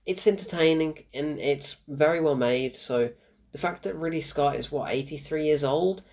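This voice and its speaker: A man's voice: fairly high pitch, moderate pace, a little mellow. A young man giving a chatty film review, bemused and exasperated, often laughing at what he describes. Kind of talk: casual spoken film review.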